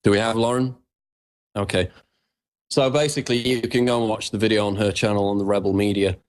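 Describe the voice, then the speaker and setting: Brisk man hosting talk radio. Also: lowish voice, steady tone. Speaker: guest host.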